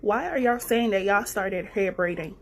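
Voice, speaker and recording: A woman's voice: medium pitch, moderate pace. A woman from Africa with an American accent, ranting angrily at her audience with repeated rhetorical questions. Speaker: commentator. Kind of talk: angry ranting monologue.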